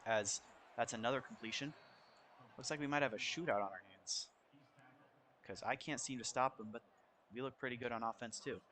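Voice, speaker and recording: A man's voice: mid-range voice, moderate pace, long pauses. A young man in his college years giving casual play-by-play commentary over his football video game, keeping his voice down at home. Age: young adult. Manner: casual, chatty, spikes with excitement on big plays. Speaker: gameplay commentator. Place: shared home, speaking quietly for roommates.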